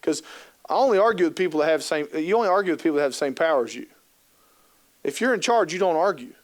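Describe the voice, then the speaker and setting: Animated, high-voiced male presenter. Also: fast. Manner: animated, joking, acts out scenes. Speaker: keynote speaker on youth work. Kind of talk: humorous storytelling presentation.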